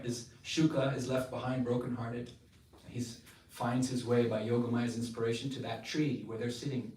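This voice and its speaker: A man telling a devotional story in an animated, chatty way, laughing often as a spiritual storyteller. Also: medium pitch. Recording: roomy, distant mic, faint noise.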